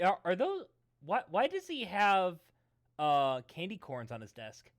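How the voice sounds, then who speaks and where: A man chatting casually and reading a webcomic aloud, often bursting into loud theatrical readings. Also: high voice, wildly swooping pitch, unhurried. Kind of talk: casual chat and comic read-along.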